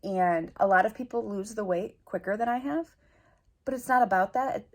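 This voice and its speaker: A woman's voice: mid-range voice, moderate pace. Earnest chatty woman vlogger. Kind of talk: personal weight-loss update vlog.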